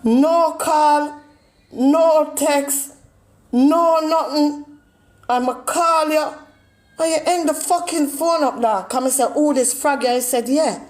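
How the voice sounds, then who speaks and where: A woman's voice: high-pitched, slow pace, a little mellow. A Jamaican woman complaining indignantly on a livestream, swearing at times. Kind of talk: angry livestream talk.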